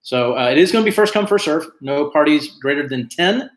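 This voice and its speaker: A man's voice: on the high side, lively intonation, fairly quick. A man hosting an online trivia night, chatting casually and reading out team names with lots of fillers. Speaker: trivia host. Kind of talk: casual livestream chat. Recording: echoey room.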